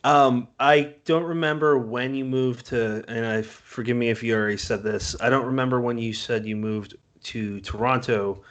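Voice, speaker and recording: A man's voice: mid-range voice, steady tone, normal speed, few pauses. A man in his thirties from Massachusetts, hosting a podcast and asking loose, rambling questions with self-corrections. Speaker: podcast host. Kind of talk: casual interview chat.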